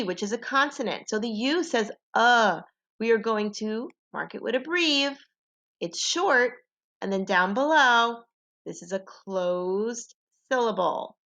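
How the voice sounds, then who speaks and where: At home, a woman teacher leads young children through a phonics lesson, patiently having them repeat after her. Her voice is medium-pitched with a fairly bright tone, and the home recording sounds dull and lo-fi.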